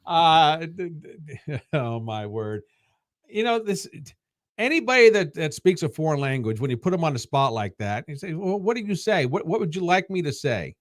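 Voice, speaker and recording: A man in his fifties, a podcast guest, telling casual stories in a halting way that repeats words. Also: on the high side, sing-song, dry recording, studio quality. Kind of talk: casual storytelling.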